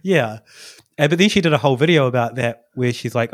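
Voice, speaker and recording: A man's voice: mid-range voice, a little fast, dry recording, clean studio sound. A man, co-hosting a casual podcast chat and telling a rambling story with many fillers. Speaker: podcast co-host.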